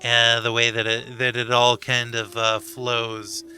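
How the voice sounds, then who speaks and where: A man's voice: mid-range voice, completely flat delivery, unhurried, sharp tone. A man narrating a tabletop game as game master, with many fillers and chuckles.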